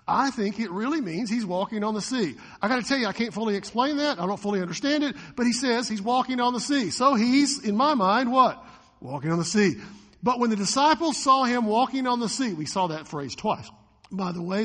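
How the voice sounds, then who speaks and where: A man preaching a sermon as a pastor, animated, often acting out the voices of the people in the story. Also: sits high, a little fast, creaky, big-room sound.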